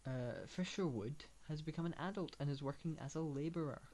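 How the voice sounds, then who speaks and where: A man's voice: on the high side, brisk, darkish tone. A man giving casual gameplay commentary, thinking aloud with lots of fillers and dry, sarcastic asides. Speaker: gamer.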